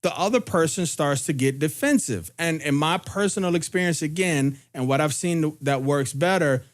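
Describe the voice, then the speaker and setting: An earnest young man with a fairly high voice, hosting a casual podcast chat. He thinks aloud about relationships, measured and reflective, and leaps up in pitch when he drives a point home. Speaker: podcast host.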